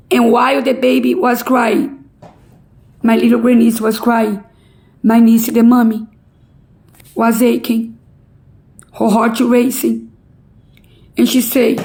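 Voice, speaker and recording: A middle-aged woman making an impassioned, pleading public appeal in halting non-native English. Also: a little high, flat delivery, a little mellow, poor audio. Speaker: relative pleading a court case.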